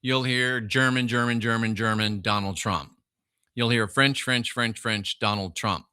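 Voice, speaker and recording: Male solo-stream host, sharp, bright voice, preachy and sardonic, swings to loud bursts. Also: medium pitch, fairly even intonation, unhurried, smooth, dry recording, studio quality. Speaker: livestream host reading chat. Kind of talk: solo livestream rant.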